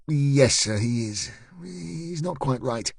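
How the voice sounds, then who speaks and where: A man's voice: medium pitch, lively intonation, slow pace, creaky, slightly rough, no room sound, clean studio sound, full character voice. A man voicing a young male police officer who talks in a placating, matey way.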